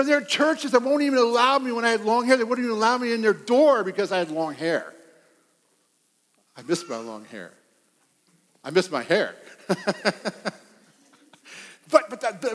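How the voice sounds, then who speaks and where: A high-pitched man preaching a sermon in a church hall, animated and full of stories. He often laughs at his own tales as he tells them. A long reverb trails every phrase. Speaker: pastor.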